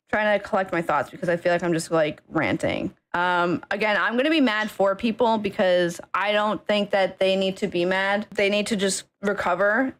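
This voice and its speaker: A woman ranting angrily on a stream, swearing, repeating herself and tagging lines with okay. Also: mid-range voice. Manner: angry, keeps saying okay, swears, bursts into laughing shouts. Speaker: streamer ranting about a friend group. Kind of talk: emotional rant on stream.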